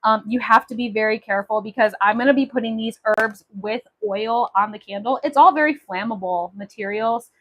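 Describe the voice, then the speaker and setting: A woman's voice: fairly high pitch, brisk, hardly any pauses, rough recording. A woman from Maui hosting a casual livestream, chatty and enthusiastic, with many fillers as she talks to viewers. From Maui, Hawaii. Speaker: livestream host.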